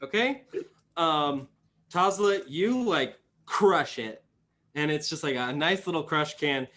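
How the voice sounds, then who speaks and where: A man's voice: on the high side, animated, takes it slowly, a bit bright. A young man running a tabletop game as game master, rambling with many fillers and restarts.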